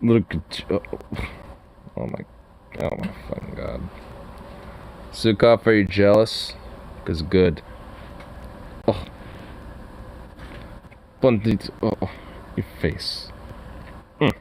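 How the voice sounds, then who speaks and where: Man, low and slow, murmuring fond pet talk. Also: a little mellow, a little hiss or hum, rough recording. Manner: cooing, doting, drawn-out murmurs.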